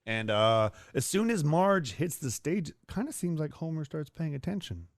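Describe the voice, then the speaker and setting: A man co-hosting a casual chat, retelling a cartoon episode in a lively storytelling way with quick asides. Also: fairly high pitch, no echo, studio quality. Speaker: co-host recapping a cartoon episode.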